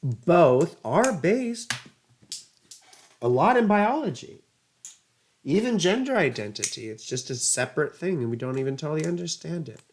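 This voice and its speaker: A woman's voice: low-pitched, very animated, normal speed, pauses often, a little mellow, slight background noise. A woman giving a casual astrology reading, chatty and rambling, drifting into side stories. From United States. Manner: rambling, digressive, chatty, self-mocking.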